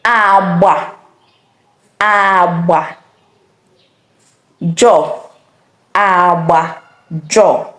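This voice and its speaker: A woman teaching vocabulary, saying each word slowly and repeating it with careful tones. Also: fairly low pitch, steady tone, a bit bright, echoey room. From Nigeria. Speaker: language teacher. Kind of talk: slow vocabulary lesson.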